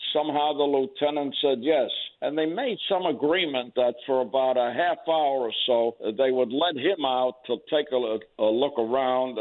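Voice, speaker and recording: Older male veteran, oral history interview, plain halting delivery, lo-fi telephone sound. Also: medium pitch. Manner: plain, halting storytelling with pauses. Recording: tinny phone-like line.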